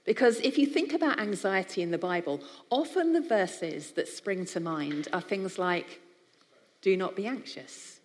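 A woman's voice: on the low side, very animated, moderate pace, hardly any pauses. A woman from the United Kingdom giving a conversational sermon-style talk to a live audience, speaking as a biblical counselling speaker. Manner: warm conversational preaching with acted-out voices. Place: large hall with an audience. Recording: long hall reverb.

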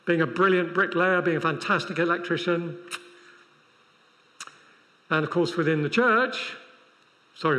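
Wry preacher in a big echoing hall. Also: male voice, fairly high pitch, bright, forceful tone. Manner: conversational with wry humorous asides. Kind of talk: sermon. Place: large convention hall. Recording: long reverb of a large hall.

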